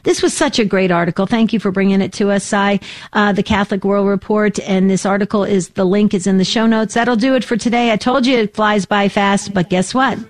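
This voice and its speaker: A woman in her sixties, co-hosting a casual radio show, telling a story with animated, acted-out voices. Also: medium pitch, a little fast, dry recording. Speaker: co-host.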